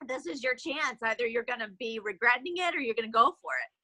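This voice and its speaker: A woman's voice: fairly high pitch, fast talker, pushed and bright, dry recording, low-quality recording. A woman voicing an insistent, encouraging male friend while she tells a story on a video call. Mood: urging. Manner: urging, insistent.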